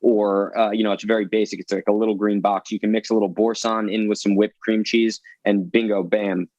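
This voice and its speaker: A man's voice: on the low side, flat delivery, fairly quick, a little mellow, no echo, highs cut off. A man with a New Jersey accent, a guest chef giving a live cooking demonstration over a video call in a breezy, salesy manner. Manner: breezy, salesy, self-promoting.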